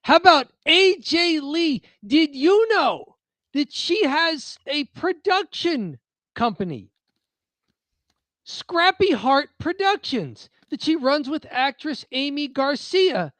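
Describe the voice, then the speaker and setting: A man's voice: extremely high pitch, very animated, slow, fairly bright tone, dry recording. A man co-hosting a wrestling podcast, reading news in a chatty, joking way with frequent restarts. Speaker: podcast co-host. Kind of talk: casual wrestling news chat.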